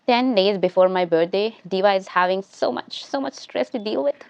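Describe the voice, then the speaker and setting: A woman's voice: mid-range voice, moderate pace, a little mellow, smooth, dry recording. A young woman tells a casual storytime at home, rambling and restarting her sentences as she does her makeup. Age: young adult. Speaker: vlogger telling a story. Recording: slightly dull, lo-fi sound.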